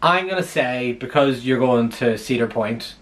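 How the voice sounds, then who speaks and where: Un hombre de Irlanda del Norte con acento norirlandés, en una charla casual, bromista y socarrón. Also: male voice, medium pitch, measured pace. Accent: Northern Irish. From Northern Ireland. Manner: joking, deadpan storytelling. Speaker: co-host. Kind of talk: casual chat. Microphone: camera mic.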